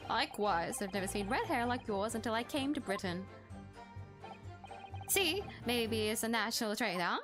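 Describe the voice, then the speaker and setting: A woman's voice: on the high side, animated, moderate pace. A woman streamer reading game dialogue aloud in character voices, playful and giggly, stumbling over words and laughing at her own flubs. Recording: game music behind voice.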